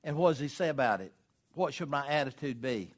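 A man preaching a sermon, asking the congregation to fill in words, swelling loud on key words and dropping low to press a point. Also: expressive, a little fast. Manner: asks the congregation questions to fill in.

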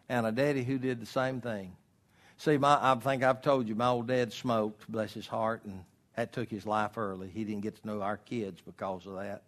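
A middle-aged preacher delivers a folksy sermon in an ordinary mid-range male voice. He drops to soft, confiding asides, then swells into loud, slowed-down emphasis. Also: medium pitch. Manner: homespun, swings between soft asides and loud emphatic stretches.

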